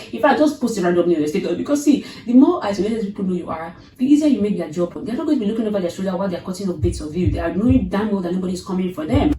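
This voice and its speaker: A young woman retelling a thriller movie in a casual, animated rant, exclaiming, swearing and talking back at the characters. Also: fairly low pitch, a little hiss or hum. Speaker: movie reviewer. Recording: echoey room, from far off, music behind.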